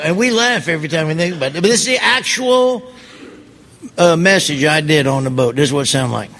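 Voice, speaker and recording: A man doing a stand-up comedy routine, telling folksy stories in a drawl and now and then breaking into loud yelps. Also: a little high, big pitch swings, a little fast. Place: live comedy stage before an audience. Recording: live show with crowd and background noise.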